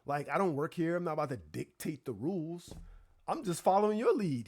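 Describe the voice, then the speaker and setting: A man hosting a live stream, telling a story in casual chat with animated, exasperated rhetorical asides to his viewers. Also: fairly high pitch, fairly quick, slightly rough. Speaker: livestream host.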